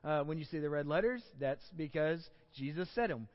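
A man's voice: fairly high pitch, lively intonation, brisk, big-room sound, muffled recording. A man with a Texan accent preaching a sermon to a church congregation, talking in a conversational way with many restarts and building to emphatic peaks. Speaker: pastor.

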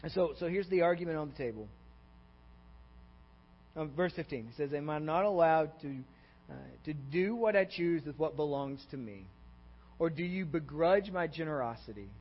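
An expressive pastor with a slightly high voice delivers an interactive sermon at normal speed, forever quizzing the congregation and asking "okay?" and "all right?". The church sanctuary recording is dull and echoey, with mains hum.

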